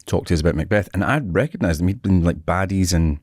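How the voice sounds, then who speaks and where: A man's voice: deep voice, quick pace, a little mellow, dry recording. A Scottish man in his forties, a guest telling stories in a casual interview and often laughing. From Scotland. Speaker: actor, guest.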